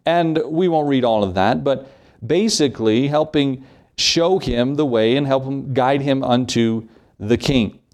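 A man preaching a sermon in an emphatic, pulpit-style delivery. His voice sits at an ordinary middle pitch, and he keeps asking rhetorical questions as he drives his points home. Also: measured pace, darkish tone.

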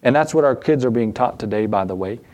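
A man preaching an evening church sermon, asking rhetorical questions that rise in pitch and repeating phrases for stress. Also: animated, fast, a little mellow.

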